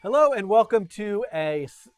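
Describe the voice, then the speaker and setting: A man with a slightly high voice hosts a live coding tutorial from his home studio. He is chatty and playful, laughs at his own slips and jokes with his viewers as he explains. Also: sing-song, moderate pace, a little hiss or hum. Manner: playful, self-deprecating, chatty with frequent laughs.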